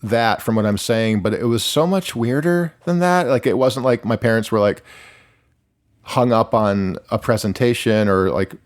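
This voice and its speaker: A man's voice: lowish voice, moderate pace. A man in his forties from Michigan, a musician guest talking casually in an interview, rambling with lots of "like" and restarts. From Michigan, USA. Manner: rambling, heavy use of "like", frequent restarts.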